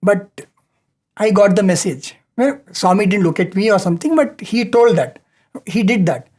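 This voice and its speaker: A man, speaking as a satsang speaker in an earnest, halting devotional storytelling style with frequent fillers. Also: high voice, lively intonation, a little mellow.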